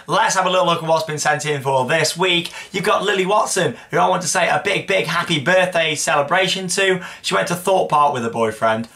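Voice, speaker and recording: Young man, show host, chatty and rambling, bright forward tone. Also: on the high side, fairly quick, gravelly, hardly any pauses, faint music behind. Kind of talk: casual viewer Q&A.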